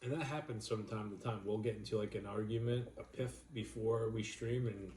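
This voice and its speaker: A man's voice: on the low side, steady tone, fairly quick, a little mellow. A man from New York co-hosting a casual home livestream, bantering with viewers in a rambling, joking way. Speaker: livestream co-host. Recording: echoey room, faint noise.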